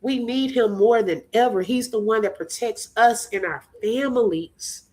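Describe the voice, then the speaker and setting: A woman's voice: fairly high pitch, moderate pace, a little mellow. A woman hosting a livestream, speaking with a preaching cadence, laughing through tears. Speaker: livestream host. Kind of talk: emotional faith-filled livestream talk.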